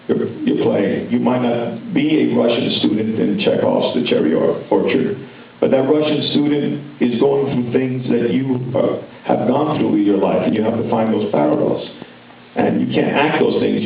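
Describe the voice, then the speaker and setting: Gravelly guy in his 50s rambling thru stories at a conference, far off mic, really echoey hall. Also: mid-range voice. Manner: rambling, conversational storytelling with many restarts. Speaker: conference speaker, actor. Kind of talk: speech at a university conference. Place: large hall with audience. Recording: echoey hall, distant mic, dull sound.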